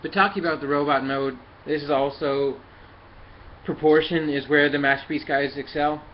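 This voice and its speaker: A man's voice: on the high side, fairly even intonation, lo-fi sound, a little hiss or hum. A man casually reviewing and demonstrating a toy, walking through each step with lots of ums and uhs as he handles it. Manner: halting, many fillers, talks while handling the toy.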